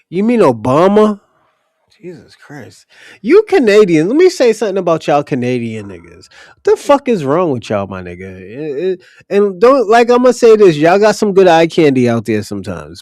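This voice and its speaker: A man hosts a livestream, answering chat with blunt, profane, casual ranting commentary aimed right at his chatters. His voice is on the high side with huge pitch swings, normal speed, and a darkish tone. The recording is dry and studio quality.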